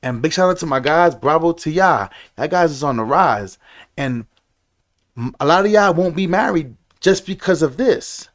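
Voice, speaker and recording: A man's voice: a little high, lively intonation, normal speed. A man ranting to camera about marriage, frustrated, preachy and repeating himself. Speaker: commentator. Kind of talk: reaction rant to camera.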